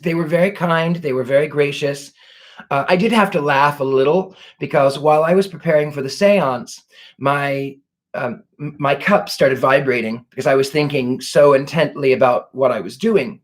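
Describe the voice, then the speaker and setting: A genteel man with a fairly high voice hosts a live question-and-answer stream as a psychic. He talks in an effusive, gracious way, reading out viewers' questions and answering them at length. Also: normal speed.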